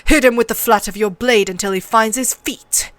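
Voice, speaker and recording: A woman voicing a cruel, mocking middle-aged male master-at-arms with a sharp, cold voice, in a book reading. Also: on the high side, normal speed, dry recording, natural voice. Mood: sneering.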